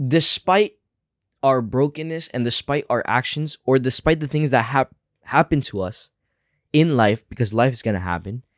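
A man's voice: mid-range voice, normal speed, no room sound, clean studio sound. A man co-hosting a casual Bible discussion podcast, speaking earnestly and reflectively as he draws lessons about faith. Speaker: podcast co-host.

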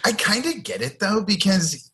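A man's voice: high-pitched, big pitch swings, normal speed, a bit bright. A man co-hosting a podcast, chatting casually and animatedly, laughing as he retells scenes. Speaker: podcast co-host. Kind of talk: casual chat.

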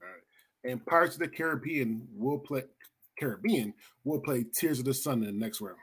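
A man hosting a casual podcast, animated and blunt, swearing and laughing often as he runs a movie bracket. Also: medium pitch, moderate pace, slightly rough. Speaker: podcast host.

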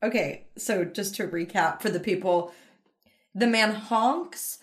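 A young woman co-hosting a casual podcast, teasing her co-host with dry, quick quips. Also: mid-range voice. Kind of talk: casual chat.

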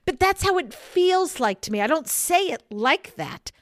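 A woman's voice: high-pitched, sing-song, a little slow, no room sound, studio quality. A candid, self-deprecating woman. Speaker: podcast guest, author. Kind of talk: frank casual chat.

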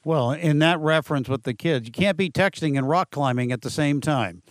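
A man's voice: fairly high pitch, moderate pace, no room sound. Folksy upbeat male podcast host. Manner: folksy, upbeat, colorful turns of phrase. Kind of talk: business podcast interview.

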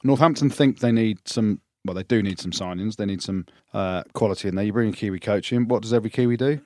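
A man's voice: lowish voice, fast, darkish tone, no echo. A man co-hosting a podcast, talking in casual banter and teasing his co-hosts with a joking, laughing manner. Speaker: podcast co-host.

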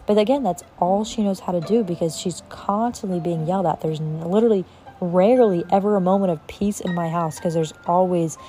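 A woman's voice: lowish voice, a little fast, mellow, a little hiss or hum. A young woman telling a personal story in a casual monologue, with lots of "like" and frequent swearing. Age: young adult. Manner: casual, heavy use of "like", swears freely, quotes others in acted voices. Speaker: podcast host.

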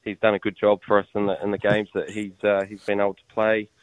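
A man's voice: fairly low pitch, monotone, quick pace, clear, resonant tone, no room sound, low-quality recording. A man with a New Zealand accent, a show regular calling in from abroad, chatting in a laid-back, matey way. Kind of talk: casual chat.

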